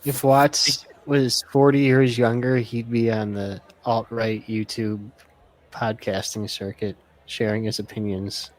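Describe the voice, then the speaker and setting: Slow, wry man on a podcast. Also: on the low side, flat delivery, low-quality recording. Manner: dry, wry remarks with swearing. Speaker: podcast co-host. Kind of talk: casual podcast chat.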